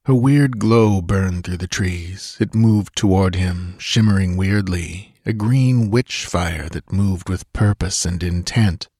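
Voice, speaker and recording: A male audiobook narrator with a low voice, reading in a measured, steady way. The recording is dry and close, with no room sound. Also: breathy edge, dry recording. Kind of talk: scripted narration.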